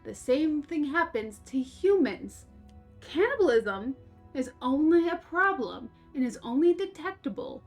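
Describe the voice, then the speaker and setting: Animated high-voiced young woman streamer. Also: a little slow, faint music behind. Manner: rambling, animated, laughing, swears casually. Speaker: game streamer. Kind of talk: casual storytelling while playing.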